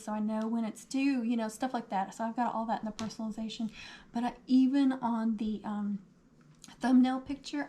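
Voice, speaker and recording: Slightly hoarse woman chatting on a livestream. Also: fairly high pitch, mellow. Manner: chatty, answers viewer comments aloud. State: losing her voice. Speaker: craft livestream host. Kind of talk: casual livestream chat.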